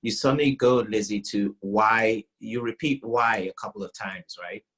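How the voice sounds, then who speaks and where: A man's voice: lowish voice, steady tone, normal speed, fairly bright tone. Male acting coach giving notes. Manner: explanatory, checks understanding. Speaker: acting teacher.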